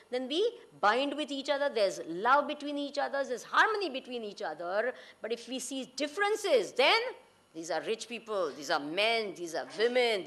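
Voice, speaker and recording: A woman's voice: high voice, fairly bright tone. A woman with an Indian accent giving a talk to an audience, often asking them questions and mixing in Hindi and Gujarati phrases. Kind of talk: lecture to an audience.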